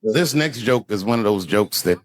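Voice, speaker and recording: A man's voice: lowish voice, animated, moderate pace, dry recording, soft background music. A man in his fifties doing a stand-up routine, rambling through self-deprecating asides with frequent restarts. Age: 50s. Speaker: stand-up comedian.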